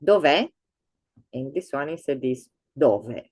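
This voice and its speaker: A woman teaching an online language lesson, explaining slowly with many fillers and restarts, and exaggerating intonation for learners. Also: a bass voice, darkish tone, dry recording.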